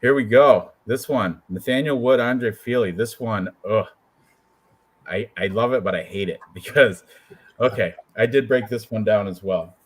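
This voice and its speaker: A man co-hosting a casual show about fight predictions, joking and animated as he talks through his picks. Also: fairly low pitch, normal speed, husky. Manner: joking, animated, puts on quoted voices. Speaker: co-host picking fights. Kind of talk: casual chat.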